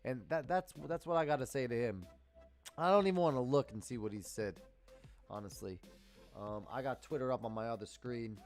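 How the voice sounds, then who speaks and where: A man ranting and cursing on a trading live stream, swinging between loud outbursts and muttered asides. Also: medium pitch, fairly quick, faint music behind. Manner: profane, heated, swings loud and quiet. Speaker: live-stream day trader.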